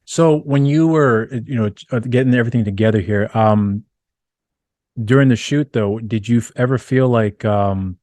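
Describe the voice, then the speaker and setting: A man's voice: medium pitch, moderate pace, a little mellow, no echo. A male interviewer asking long, rambling questions in a casual conversation.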